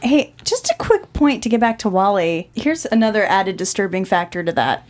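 A woman co-hosting a podcast in casual chat, playful and quick to argue a point. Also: medium pitch, sing-song, slight background noise. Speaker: podcast co-host.

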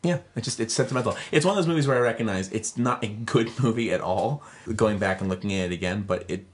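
A man's voice: lowish voice, fast talker. A man co-hosting a casual podcast, rambling nostalgically and restarting his sentences. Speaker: podcast co-host. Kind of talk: casual chat.

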